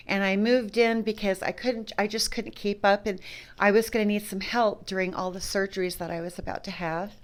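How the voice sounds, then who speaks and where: Halting middle-aged woman recalling a story. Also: medium pitch. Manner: halting, full of restarts and "you know". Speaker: interviewee. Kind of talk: personal recollection.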